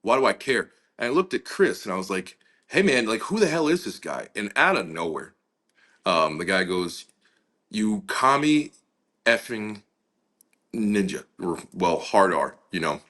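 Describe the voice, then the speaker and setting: Interview guest, male, deep but bright voice, loose storyteller with lots of "you know". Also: expressive, moderate pace. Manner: casual, many fillers, acts out quoted dialogue. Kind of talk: conversational storytelling.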